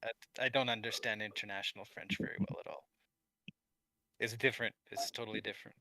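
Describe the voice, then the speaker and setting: A man from Quebec co-hosts a livestream, relaxed and chuckling, with many filler words. His voice sits low, recorded dry with little room sound. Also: a little fast, no echo. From Quebec, Canada. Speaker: livestream co-host. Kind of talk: casual livestream chat.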